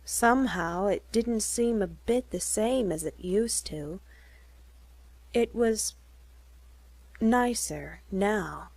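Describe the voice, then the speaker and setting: A woman narrates a first-person love story at a slow, deliberate pace for English learners. Her voice sits in a middle register and sounds dry and close, with no room around it. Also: mid-range voice, creaky, darkish tone, no echo.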